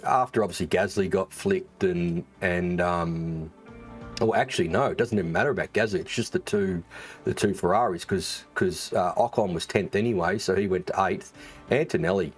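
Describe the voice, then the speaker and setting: A deep-voiced Australian man talks loosely on a livestream, full of swearing, fillers and restarts. Faint music plays underneath. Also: husky. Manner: rambling, swears freely, many fillers and restarts. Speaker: streamer and former race engineer. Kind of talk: casual livestream chat.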